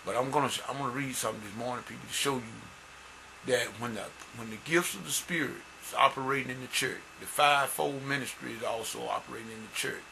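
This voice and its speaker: Man preaching, gravelly voice, bright tone, earnest and folksy, repeats and restarts, faint hiss behind. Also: fairly even intonation, fast talker, low-quality recording. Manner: earnest preaching, rising louder and higher as he builds. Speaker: church musician and lay preacher. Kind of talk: informal sermon with scripture reading.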